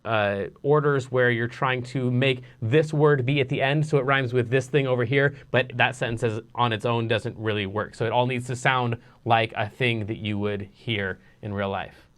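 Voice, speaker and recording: A man casually teaching songwriting in a live online lesson, relaxed and rambling with restarts. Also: mid-range voice, moderate pace, few pauses. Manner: sings nonsense syllables to show rhythm.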